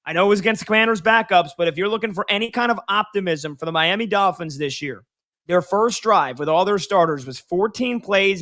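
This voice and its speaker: A man's voice: fairly high pitch, sharp tone. A man hosting a sports radio show, chatty and joking with his crew. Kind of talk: casual sports talk.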